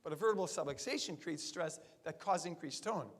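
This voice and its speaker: A man's voice: fairly high pitch, fairly quick. A man in his sixties, a chiropractor giving a seminar talk to colleagues, emphatic and full of rhetorical questions to the audience. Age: 60s. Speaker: chiropractor addressing fellow chiropractors.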